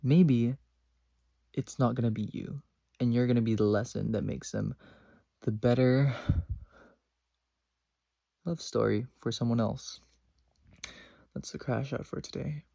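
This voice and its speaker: A man's voice: mid-range voice, unhurried, vocal fry, long pauses, dark tone, no echo. A teenage boy telling a story in a casual, exasperated vlog rant, sometimes dropping to a whisper. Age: teens. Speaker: vlogger.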